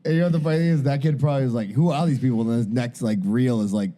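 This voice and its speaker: A man's voice: medium pitch, racing, dark tone. A man co-hosting a podcast, telling stories in a rambling, foul-mouthed, self-mocking way. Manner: rambling, swears constantly, self-mocking bravado. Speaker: podcast co-host. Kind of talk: casual crude banter.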